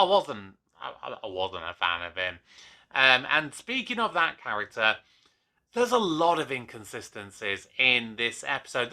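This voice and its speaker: A young man talks through his own review in an animated, opinionated way, often restarting his sentences. His voice sits a little high and moves a lot in pitch. The tone is very bright and forward. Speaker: YouTube reviewer. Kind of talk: casual review monologue.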